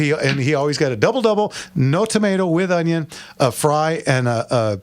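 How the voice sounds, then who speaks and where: An older man hosting a call-in radio show, telling rambling, animated stories and imitating old customers. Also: on the high side, a little fast, dry recording. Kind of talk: casual storytelling on call-in radio.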